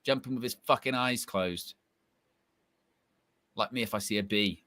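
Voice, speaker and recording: A man co-hosting a live football fan stream, reacting loudly and reading out viewer super chats. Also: fairly low pitch, no echo. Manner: animated, sweary, quick reactions. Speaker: fan channel co-host.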